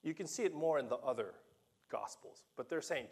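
A man preaching a sermon to a congregation, animated and playful, acting out the dialogue of the scripture story with laughs and asides. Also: medium pitch, fairly quick, slightly rough. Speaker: pastor.

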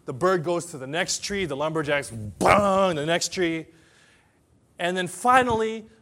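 A man preaching a sermon to people whose first language is different, telling stories and then leading a quiet prayer. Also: high-pitched, unhurried.

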